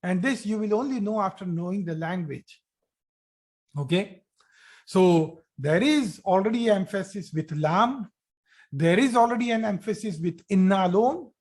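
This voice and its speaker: A male teacher speaking in an unhurried, deliberate way, his voice sitting fairly high for a man. He leads an online language lesson, repeating phrases for emphasis and checking in with his students. He often restarts a sentence before finishing it. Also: animated, darkish tone. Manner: frequent restarts and "okay" check-ins. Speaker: Arabic teacher.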